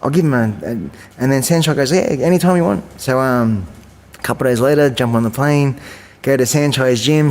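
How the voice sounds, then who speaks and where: A man in his forties tells long stories in a relaxed interview. He rambles through fillers and restarts and acts out what others said. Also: mid-range voice, long reverb tail. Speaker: guest, champion kickboxer. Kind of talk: casual storytelling interview.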